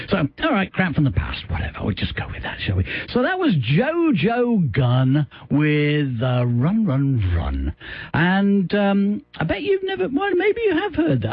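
A man's voice: on the high side, creaky, husky, lo-fi sound. A man hosting a radio show in a rambling, self-mocking way, stumbling over his own words. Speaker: radio host. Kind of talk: casual radio chat.

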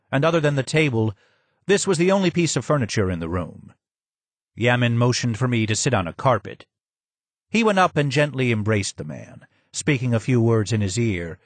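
A man reading a first-person memoir aloud as an audiobook narrator, in steady storytelling. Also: medium pitch, dry recording. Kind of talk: scripted narration.

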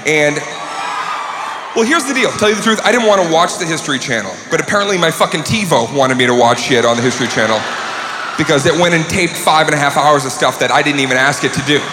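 A man doing a stand-up routine, ranting loudly and profanely and often shouting. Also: fairly high pitch, animated, quick pace. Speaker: stand-up comedian. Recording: echoey hall with crowd noise.

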